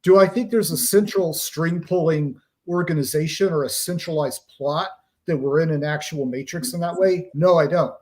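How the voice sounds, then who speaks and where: Higher-voiced man explaining psyops. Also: moderate pace, a little mellow. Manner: lecturing, leans on pop-culture analogies. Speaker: guest author on psychological operations. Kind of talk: explanatory interview talk.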